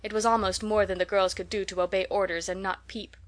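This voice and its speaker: A woman reading a classic children's novel aloud in a steady, gentle storytelling manner. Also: mid-range voice, brisk. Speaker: audiobook reader. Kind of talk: scripted narration.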